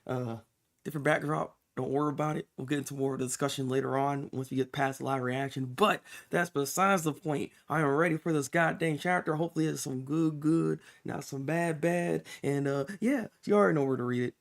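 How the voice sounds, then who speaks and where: A man streaming a live reaction to a new comic chapter, excitable and exclamatory, with casual swearing and lots of restarts. He is recording in an untreated room with some echo. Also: fairly high pitch, fairly quick, gravelly.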